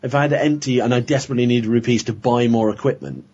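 Husky man in animated game chat. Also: medium pitch, fast. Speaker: podcast guest. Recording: slightly dull lo-fi.

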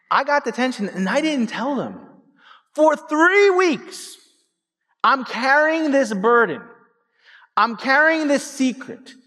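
A man's voice: very high-pitched, bright, forceful tone. A man in his thirties preaching a sermon as pastor, telling stories animatedly and speaking directly to the congregation. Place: church sanctuary. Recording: hall reverb.

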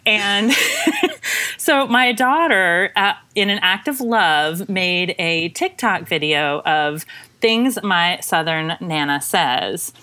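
A woman pastor in midlife, chatting on a podcast in an unhurried, easygoing way. Her voice is bright and clear, sitting a little high and swinging widely in pitch. She jokes around and laughs often. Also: expressive. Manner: laughs often, playful and joking. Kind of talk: casual podcast chat.

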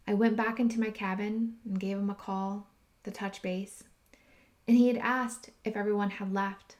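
A woman hosting a podcast, telling a personal story in a slow, heartfelt way that sometimes drops to a near whisper. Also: mid-range voice, little pitch movement, a little mellow. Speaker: podcast host and retreat leader.

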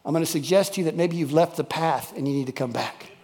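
Male preacher, high voice, folksy and emphatic, long church reverb. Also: fast talker, a little mellow. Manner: folksy, emphatic, repeats key phrases. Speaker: pastor. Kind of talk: sermon. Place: church worship service.

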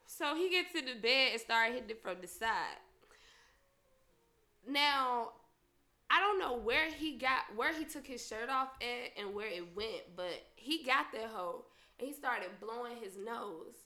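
A young woman hosting a podcast, telling a profane story in a loud, laughing, animated way. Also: a little high, measured pace. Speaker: podcast host. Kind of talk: casual storytelling chat.

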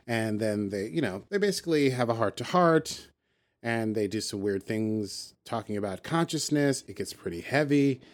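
A man's voice: lowish voice, animated, moderate pace. A man hosting a casual podcast, recapping an episode and acting out the characters' lines as he goes.

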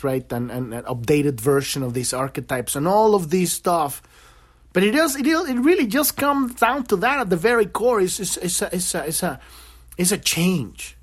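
A man talks through a spiritual podcast episode on his own. He speaks loosely, repeats words as he restarts, and slips into quick acted voices when he retells stories. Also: fairly high pitch. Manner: animated, many restarts, acts out quoted voices. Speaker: podcast host. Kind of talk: spiritual monologue.

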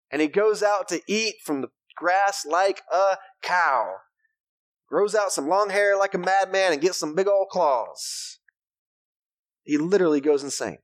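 A man preaching a sermon in church, reading scripture aloud and breaking off into joking asides. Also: high voice. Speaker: pastor.

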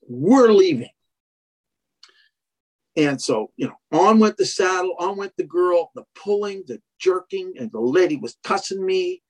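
A man who trains horses tells a long personal story in a high, expressive voice at normal speed, barely pausing. The casual, conversational telling rambles, full of restarts and "you know".

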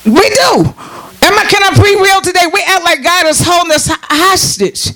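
A man preaching a sermon, calling out to the congregation for responses and rising into shouts. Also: extremely high pitch, lively intonation, normal speed.

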